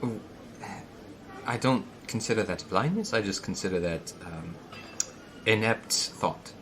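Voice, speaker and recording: Man playing fussy formal companion, flustered, low-ish, lively pitch, noisy recording. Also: a little slow.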